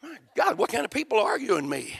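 Casting: male preacher with a very high, gravelly voice, folksy testimony that builds to shouting. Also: huge pitch swings, fast talker, no room sound. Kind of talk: sermon testimony.

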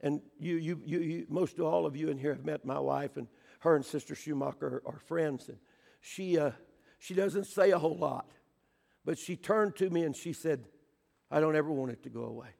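An older man preaching a sermon in a church, fervent, swinging between shouted pleas and hushed storytelling. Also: on the high side, normal speed, gravelly, big-room sound.

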